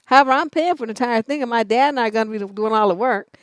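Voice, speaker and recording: A middle-aged woman hosts a live advice show, telling stories in a brash, profane, lively way. Her voice sits a bit high. The sound is dry and close. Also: racing, clear, resonant tone, no echo. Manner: blunt, profane, animated storytelling with laughs. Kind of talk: live advice show, storytelling and reading questions.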